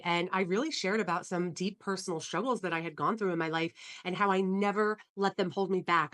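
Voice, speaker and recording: A woman's voice: on the low side, a bit bright. A woman hosting a solo podcast, telling her story in an earnest, enthusiastic way with frequent fillers like "um" and "you know.". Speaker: podcast host.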